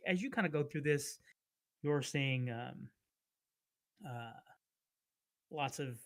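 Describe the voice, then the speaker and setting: A man narrating as game master of a tabletop game, relaxed and rambling, with many fillers. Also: medium pitch, vocal fry.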